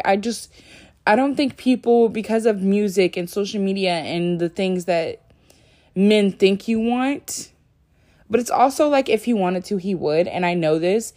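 A woman's voice: lowish voice, darkish tone. Sleepy, chatty young woman vlogger. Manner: chatty, rambling, lots of "like" fillers. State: sleepy, yawning. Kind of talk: casual talk to camera.

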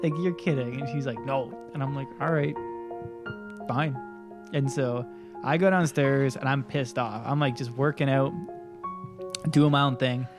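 A man's voice: medium pitch, steady tone, a little slow, pauses often, music in the background. A young man co-hosting a podcast, telling a story in casual chat, laid-back, swearing often and acting out quoted lines. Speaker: podcast co-host.

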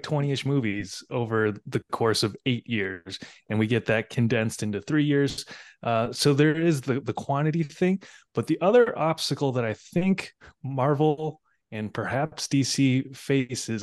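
A man with a mid-pitched voice talks in a measured, wry and explanatory way as a podcast guest. The sound is close and dry, with no room echo. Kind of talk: casual podcast discussion.

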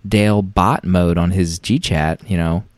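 A man's voice: sits low, fairly even intonation, measured pace, dry recording, clean studio sound. A man in his thirties, a podcast co-host, chatting casually and rambling through anecdotes with many restarts. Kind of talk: casual chat.

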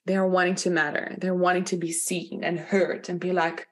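A woman's voice: lowish voice, little pitch movement, moderate pace, a bit bright. A woman leading a live online workshop, talking candidly and chattily, full of "like" fillers and blunt swearing. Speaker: workshop facilitator.

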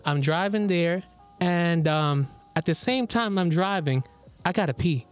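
A man co-hosting a podcast, telling a story in animated, casual chat, swearing freely and laughing often. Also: high voice, unhurried, clean tone, soft background music. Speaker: podcast co-host. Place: indoor recording with co-host beside him.

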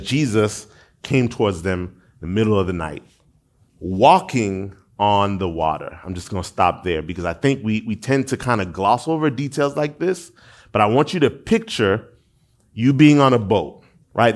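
A man preaching a sermon in a casual, conversational way, asking his listeners questions and going low and soft when he reads scripture. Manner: conversational, asks the audience questions. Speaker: pastor.

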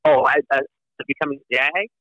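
A man's voice: medium pitch, moderate pace, bright, forceful tone, no echo, lo-fi sound. A man in his forties, a Navy lawyer, telling his story in a casual interview with many fillers and restarts. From United States.

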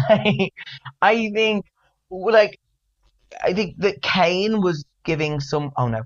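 A man's voice: high-pitched, wildly swooping pitch, very slow, long pauses, bright, forceful tone. A man co-hosting a podcast in casual chat, camp and giggly, rambling with many fillers. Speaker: podcast co-host.

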